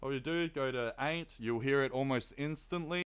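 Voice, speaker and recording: A young Australian man, a bit tired, casually explaining synth sounds on a live stream, chatty and quick to laugh. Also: medium pitch, very noisy. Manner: relaxed, chatty, reads chat aloud, laughs often. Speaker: music producer streaming.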